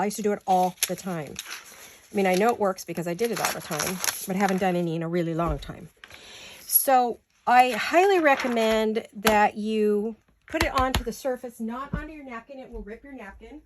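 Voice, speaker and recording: A tired, slightly breathless woman rambles casually through a home craft tutorial, losing her words along the way. Her voice sits in the mid-range, with a little hiss or hum in the recording.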